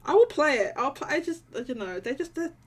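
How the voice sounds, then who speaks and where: A woman's voice: high-pitched, sing-song, brisk, distant mic, a little hiss or hum. A woman hosting a casual call-in stream, laughing often and restarting her sentences. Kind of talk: casual chat.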